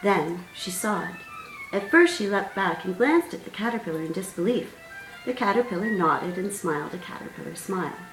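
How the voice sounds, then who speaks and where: A woman author reading aloud from her own storybook in a gentle, measured way. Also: mid-range voice, expressive. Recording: roomy sound, distant mic, faint music.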